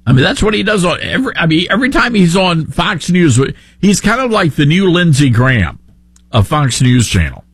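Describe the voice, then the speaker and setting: A man's voice: fairly high pitch, breathy edge, no room sound. A man with a Southern accent hosting a talk radio show, sarcastic and opinionated.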